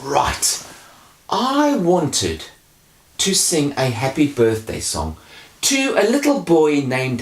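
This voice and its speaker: A woman hosting a children's show, talking slowly and directly to the children. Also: sits low. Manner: slow and friendly, talks to the children. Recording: echoey room.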